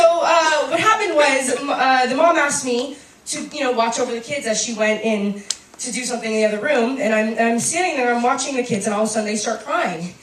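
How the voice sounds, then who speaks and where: A young woman performing stand-up comedy on a club stage, brash, profane and animated. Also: sits high. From United States. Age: young adult. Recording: roomy club, distant mic, faint noise.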